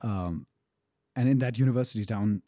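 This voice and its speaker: A man's voice: lowish voice, moderate pace, dark tone, no echo, clean studio sound. A man casually recounting a personal story, rambling and profane, with frequent fillers and chuckles.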